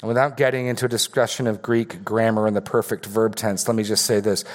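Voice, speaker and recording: A man's voice: on the low side, flat delivery, fast talker. A man preaching an expository sermon as pastor, earnest and given to repeating words for emphasis.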